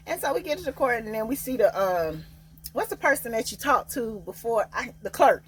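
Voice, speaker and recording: A young woman telling a casual storytime, loud and sassy, acting out each quote. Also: brisk, husky, low-quality recording. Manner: animated, acts out quotes with big pitch jumps; loud, sassy, Southern Black vernacular. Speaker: storyteller vlogger.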